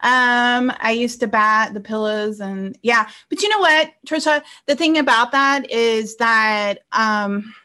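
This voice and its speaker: A woman's voice: a little high, slow pace, sharp tone. Chatty woman coach teaching online. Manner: chatty, tags nearly every point with "okay?", laughs easily. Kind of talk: casual live online class.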